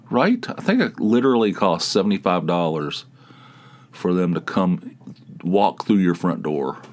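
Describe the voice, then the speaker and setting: A man with a very low, deep voice hosts his podcast alone, letting his stories wander in a loose, casual monologue. He gripes about everyday annoyances with wry, crude humor and a self-mocking edge. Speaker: podcast host.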